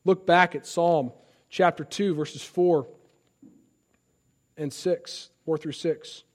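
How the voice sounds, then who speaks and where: A man in his thirties preaching a sermon. He swings between loud, impassioned lines and soft, conversational asides. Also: on the high side, steady tone, takes it slowly. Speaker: pastor.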